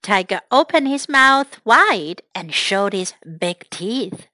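A woman reading a children's story aloud for English learners, slow, clear and expressive. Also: mid-range voice, dry recording.

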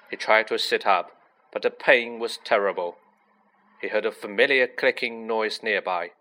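A man reading a children's fantasy novel aloud with slow, lively storybook narration. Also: on the low side. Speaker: audiobook reader.

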